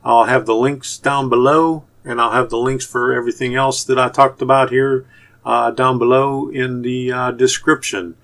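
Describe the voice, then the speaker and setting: A man with a Pittsburgh accent talks through channel tips in a casual tutorial, his pitch sitting right in the middle of the usual range. He stops and restarts often and fills gaps with "uh". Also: level tone, fairly bright tone. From Pittsburgh, USA. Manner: halting, many "uh" fillers and restarts. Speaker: YouTuber giving channel tips. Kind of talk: casual tutorial talk to camera.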